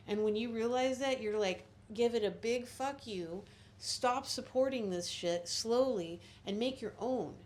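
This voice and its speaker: A woman's voice: a little high, darkish tone, a little hiss or hum. A middle-aged woman vlogging about witchcraft in a blunt, rambling, profane way. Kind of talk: casual spiritual monologue.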